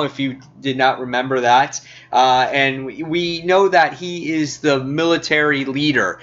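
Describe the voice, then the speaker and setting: A man's voice: mid-range voice, sharp tone, muffled recording. A man giving a casual, chatty review of a comic book, with many fillers.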